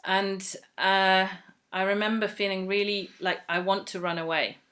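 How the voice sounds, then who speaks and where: Woman from England, bright voice, personal storytelling, chatty and earnest, acts out quoted voices. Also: mid-range voice, level tone, moderate pace. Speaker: devotee sharing a personal story.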